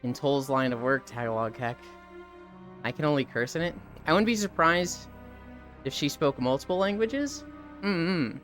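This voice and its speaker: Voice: medium pitch, normal speed, a bit bright, faint music behind. A livestreamer in casual chat with viewers, who tells stories animatedly, acts out what friends said, swears and laughs often.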